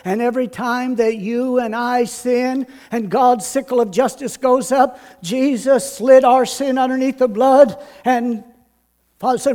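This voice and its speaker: An older man preaching a sermon, building to loud emphatic repetition and then dropping to quiet storytelling. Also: extremely high pitch, fairly even intonation, moderate pace. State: out of breath.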